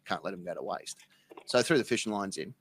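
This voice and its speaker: A man with an Australian accent, a podcast guest who swears freely while telling deadpan tall tales in casual chat. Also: low-pitched, fast talker. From South Melbourne, Australia. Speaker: interview guest.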